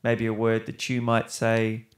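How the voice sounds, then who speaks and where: A man's voice: on the low side, monotone, unhurried. A young man, an actor, talking casually and rambling as a podcast guest. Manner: rambling, with many restarts and mild swearing. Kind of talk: casual interview chat.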